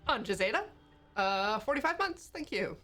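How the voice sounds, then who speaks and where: A woman's voice: medium pitch, big pitch swings, moderate pace, fairly bright tone, faint music behind. A woman co-hosting a stream in casual chat, reading subscriber thanks and laughing often. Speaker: stream co-host.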